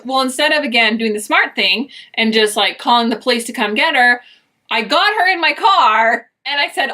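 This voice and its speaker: A woman's voice: on the high side, animated, moderate pace, bright, forceful tone. A woman from Utah telling a personal story in a chatty vlog, acting out the dialogue as she goes. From Utah, United States. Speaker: vlogger.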